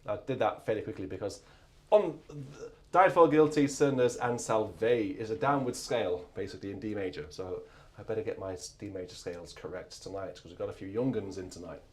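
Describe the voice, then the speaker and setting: A man's voice: fairly low pitch, brisk, darkish tone. A man from England hosting a live organ stream, chatting casually and rambling with self-mocking asides. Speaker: organist and livestream host. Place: church organ loft.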